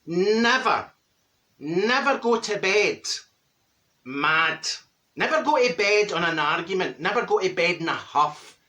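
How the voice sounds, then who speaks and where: A man's voice: sits high, lively intonation, unhurried, sharp tone, exaggerated voice. A man playing a chatty, vain, gossiping middle-aged woman from Glasgow with a Glaswegian accent, cackling through a comic monologue. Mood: gossipy. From Glasgow, Scotland. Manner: gossipy, cackling, full of wee asides. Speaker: comedy character monologue.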